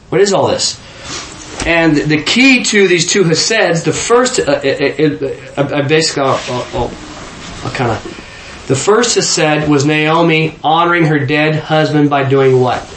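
A man's voice: on the high side, a bit bright, echoey room. A man leading an informal Bible study, asking the group questions and often repeating words as he thinks.

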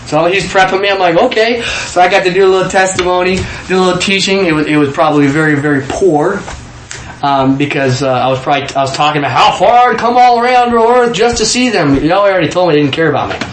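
Animated man preaching in an echoey room. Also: sits high, fast talker. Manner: animated, repeats words when excited, southern 'y'all'. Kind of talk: informal sermon with testimony. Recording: echoey room with faint background noise.

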